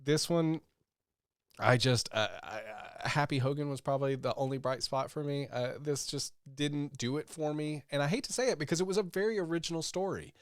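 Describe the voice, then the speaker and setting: A man hosting a podcast in a casual, playful, jokey and energetic way. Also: a little high, brisk, smooth, dry recording, studio quality. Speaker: podcast host.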